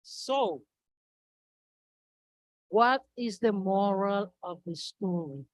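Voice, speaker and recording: Woman, children's story at church, slow, dry close sound, quizzes the kids. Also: mid-range voice, no room sound, low-quality recording. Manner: animated, asks children questions.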